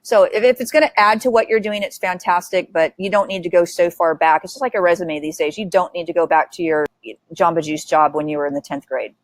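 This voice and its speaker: A woman's voice: lowish voice, fairly even intonation, a little fast, dry recording. A woman hosting a webinar, talking in a direct, upbeat and chatty way. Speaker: webinar host. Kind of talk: casual webinar chat.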